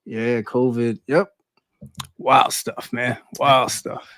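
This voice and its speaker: A man's voice: mid-range voice, level tone, slow, a bit bright, no echo, clean studio sound. A man co-hosting a live podcast in a laid-back, slangy casual chat, drawing out his words. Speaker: podcast co-host.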